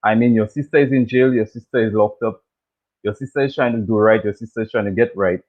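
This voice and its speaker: A man's voice: on the low side, fast talker. A man hosting a casual chat that recaps a TV show, talking loosely, repeating himself and laughing often. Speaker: show host. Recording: tinny phone-like audio.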